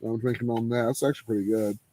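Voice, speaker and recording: A man hosting a live cigar show in casual chat, laid-back and laughing, trailing off into low murmurs. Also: steady tone, racing, mellow, no echo.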